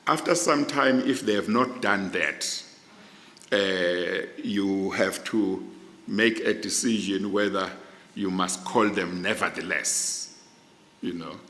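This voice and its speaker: A middle-aged man with a South African accent, answering questions in a formal panel interview with deliberate, careful explanations. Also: deep voice, fairly bright tone. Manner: slow, measured, deliberate explanations. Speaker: judicial candidate being interviewed. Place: large hearing room. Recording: echoey hall, long reverb.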